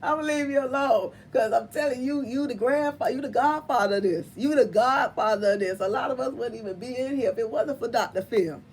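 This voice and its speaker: Animated, laughing woman tarot vlogger. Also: fairly high pitch, fairly quick, hardly any pauses, slight background noise. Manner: animated and emphatic, laughs often, repeats phrases; colloquial, addresses viewers as y'all and honey. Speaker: tarot reader and channel host. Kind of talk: casual chat to viewers.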